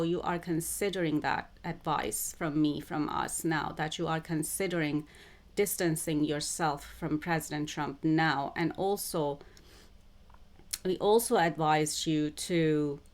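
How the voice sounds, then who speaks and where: Slow, low-voiced woman channeler. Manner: slow, repetitive, deliberate phrasing. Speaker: self-described psychic channeler. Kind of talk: spiritual monologue to camera.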